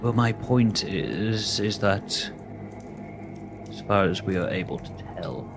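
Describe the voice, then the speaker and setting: Brief: gravelly, low-voiced dragonborn warrior, devout and formal, a man doing the voice, music underneath. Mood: reasoning. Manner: slow, formal and measured.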